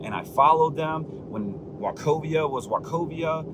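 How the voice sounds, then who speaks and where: A man delivers a fiery, preachy monologue as a show host, pushing his points with rising emphasis. He talks from inside a car, and the vehicle's noise is clearly heard under his voice. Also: fairly high pitch, expressive, measured pace. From Puerto Rican heritage. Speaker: podcast host, financial advisor. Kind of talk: candid monologue.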